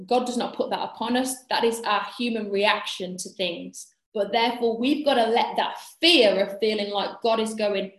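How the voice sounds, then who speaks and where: A woman giving an earnest devotional talk to young people, often checking in with a quick "yeah?". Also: a little high. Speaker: youth speaker. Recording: echoey room.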